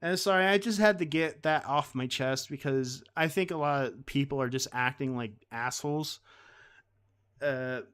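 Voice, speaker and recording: A man's voice: mid-range voice, normal speed, a bit bright, clear, resonant tone. A man hosting a live stream, talking casually in a rambling, heated way with many restarts. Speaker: streamer host.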